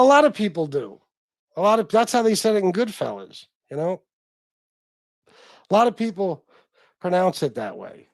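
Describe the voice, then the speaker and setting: A man hosts a casual livestream, swearing freely as he answers viewers. His voice sits a little high for a man. The sound is dry and close, with no room around it. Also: a little mellow, dry recording. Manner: chatty, swears freely, reads and answers chat. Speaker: livestream host.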